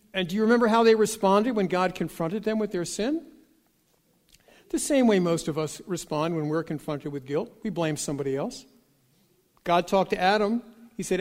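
In a large hall, a man whose voice sits high with a darkish tone preaches a sermon. He tells folksy joke stories, acting out the dialogue with animation.

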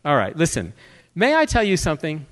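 A man with a fairly high voice preaches in a joking, conversational way. He moves from scripture into lively stories and asides, pulling the listeners along with quick questions. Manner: joking, conversational, animated storyteller. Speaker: guest speaker. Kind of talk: sermon with humor.

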